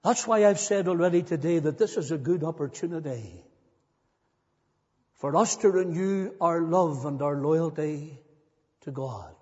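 Husky high-voiced pastor preaching in reverb. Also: male voice, measured pace, a little mellow. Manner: earnest, building to emphatic repetition. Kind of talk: sermon. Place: church. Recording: long church reverb, dull lo-fi sound.

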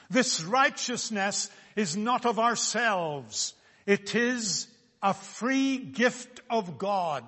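A man preaching a sermon, speaking slowly and deliberately with solemn emphasis on key words. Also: high-pitched, bright, forceful tone, long reverb tail.

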